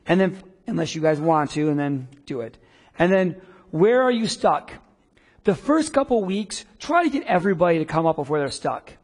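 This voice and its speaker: A man coaching a room of business people in a live workshop, talking in a lively, conversational way and acting out quotes. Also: fairly high pitch, moderate pace, slightly rough. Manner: energetic, conversational, acts out quotes. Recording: long reverb of a hall.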